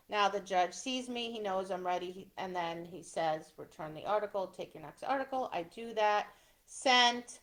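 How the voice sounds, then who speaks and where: A woman's voice: medium pitch, a bit bright. A middle-aged woman explaining dog obedience trial steps in a conversational teaching style, often checking in with "right?". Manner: conversational, tags points with "right?". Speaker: dog sports instructor. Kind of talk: instructional talk.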